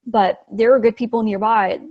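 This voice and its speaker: A woman co-hosting a podcast, giving thoughtful, halting comments on a book. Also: fairly high pitch, fairly even intonation, lo-fi sound. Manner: thoughtful, halting, with frequent affirming murmurs. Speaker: podcast co-host. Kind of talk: casual book discussion.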